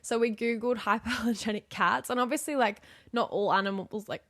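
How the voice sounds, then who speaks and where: A woman's voice: on the high side, fairly even intonation, brisk, fairly bright tone, no room sound, clean studio sound. A young woman, co-hosting a casual podcast over a video call and telling stories in a bubbly, rambling way. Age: young adult. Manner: bubbly, filler-heavy storytelling. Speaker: podcast co-host. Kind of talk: casual chat.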